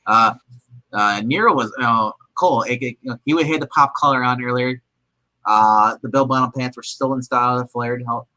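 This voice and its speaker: A man co-hosting a movie review show in casual chat, acting out characters in quick voices and laughing often. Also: medium pitch, pushed and bright, poor audio.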